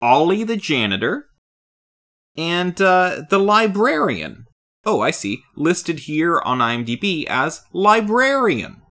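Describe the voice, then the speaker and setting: Lively, bright-voiced man joking dryly. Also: a little high, slow pace. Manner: lively, wry, deadpan jokes. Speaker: podcast co-host. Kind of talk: casual film discussion.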